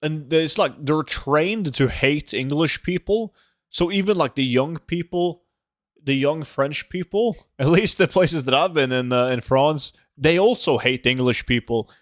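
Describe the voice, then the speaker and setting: A man's voice: on the high side, unhurried, dry recording, clean studio sound. A man from Norway with a Norwegian accent, chatting casually and loosely as a gaming streamer host, swearing and rambling. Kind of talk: casual chat while gaming.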